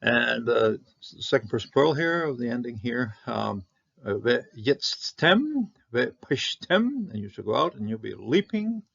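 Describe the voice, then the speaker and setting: A man who grew up in Canada, teaching Hebrew Bible words in an informal lesson, halting with many fillers and sounding out the Hebrew slowly. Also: mid-range voice, expressive, vocal fry, a bit bright, muffled recording.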